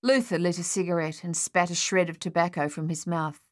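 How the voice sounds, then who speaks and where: A woman reading a war novel aloud in a measured, steady narration. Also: lowish voice, no echo, clean studio sound. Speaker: audiobook narrator. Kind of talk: scripted narration.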